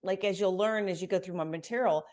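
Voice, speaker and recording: A woman coaching business owners on pricing and sales, talking in a brisk, emphatic, confident way. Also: mid-range voice, a little mellow. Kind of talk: coaching call.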